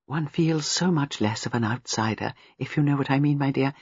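A reader voicing a gentle, gossiping elderly spinster who is quietly shrewd and speaks mildly. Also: female voice, very deep voice, moderate pace, breathy edge, no room sound, dull audio. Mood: chatty. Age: older. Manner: mild, chatty, quietly shrewd. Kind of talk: audiobook character reading.

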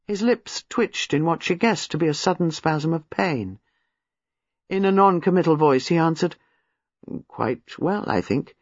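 A man narrating a novel in an expressive, lively reading. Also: fairly high pitch, normal speed, no echo. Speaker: audiobook narrator. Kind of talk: scripted narration. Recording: slightly muffled, dry.

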